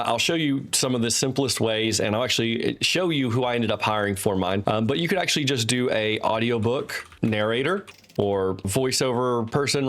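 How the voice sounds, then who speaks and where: A man's voice: mid-range voice, fairly bright tone. A man, an author and host, walking through a website in loose, unscripted talk at his desk. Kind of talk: casual screen-share walkthrough. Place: desk with teleprompter.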